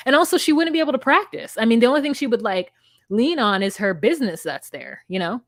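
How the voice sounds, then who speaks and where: A woman's voice: a little high, sing-song, fairly quick, dry recording, clean studio sound. A young woman co-hosting a podcast, recapping reality TV bluntly and swearing freely. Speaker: podcast co-host. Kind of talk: casual reality TV recap chat.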